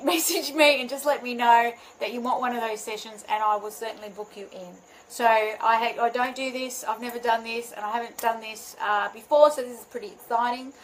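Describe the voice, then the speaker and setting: A bubbly woman who works as a healing mentor, talking live to her viewers. Her voice sits a bit high, and she laughs at her own slips. A faint hiss runs under her speech. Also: a bit bright, low-quality recording. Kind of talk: live video chat to viewers.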